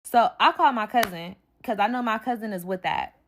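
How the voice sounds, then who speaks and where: A woman's voice: medium pitch, fairly quick, a little hiss or hum. Blunt, foul-mouthed woman telling a story. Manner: blunt, heavy swearing, lots of filler "like"; heated, animated retelling. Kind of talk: casual storytime vlog.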